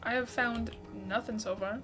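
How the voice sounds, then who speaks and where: With soft background music, a woman in her twenties talks at a normal speed in a fairly high voice while hosting a casual gaming livestream. She reads out what viewers write and excitedly thanks gifters.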